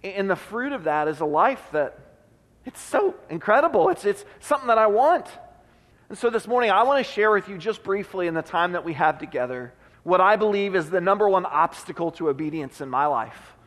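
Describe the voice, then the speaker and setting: Pastor, male, high-pitched, earnest conversational sermon delivery, reverberant sanctuary sound. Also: lively intonation, a little fast, fairly bright tone. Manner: earnest, conversational preaching with restarts. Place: church sanctuary. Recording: long hall reverb.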